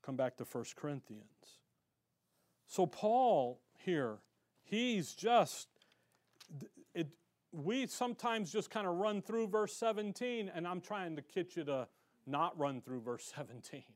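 Excitable, animated male preacher, fairly high voice. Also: takes it slowly. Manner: excitable, animated, shifting between loud emphasis and quiet asides. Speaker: pastor. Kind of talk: sermon. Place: church sanctuary.

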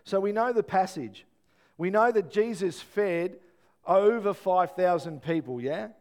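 A middle-aged man, preaching a sermon and telling family stories with animated, acted-out voices. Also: high-pitched, a little slow. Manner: animated storytelling, acts out voices. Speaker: pastor.

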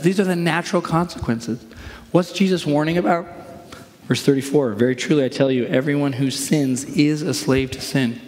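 A man's voice: mid-range voice, darkish tone. Preaching man in a reverberant hall. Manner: conversational preaching with acted-out quotes. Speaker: pastor. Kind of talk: sermon.

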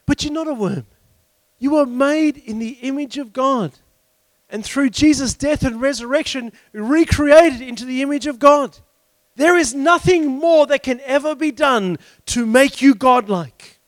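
A man preaching a sermon with passion, breaking into shouts and slowing down to stress key phrases. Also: extremely high pitch, dry recording. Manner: impassioned preaching with sudden shouts and slow emphatic phrases. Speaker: pastor.

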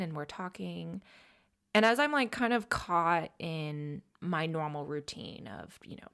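A woman's voice: fairly low pitch, vocal fry, a bit bright. Earnest young woman telling a story. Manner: earnest storytelling, drops to a whisper for quotes. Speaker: podcast co-host, ICU nurse. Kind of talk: casual podcast chat.

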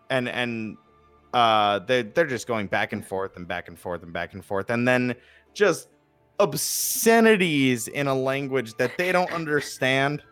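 Jersey man as a laid-back tabletop game master, rambling and animated, over faint background music. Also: medium pitch, unhurried, clean tone, no echo. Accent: New Jersey. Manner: chatty, laughing, full of fillers.

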